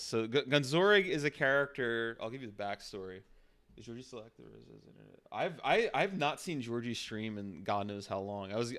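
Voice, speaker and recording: A man's voice: mid-range voice, a bit bright, clean tone. A man streaming casually, rambling with frequent restarts and swearing as he chats.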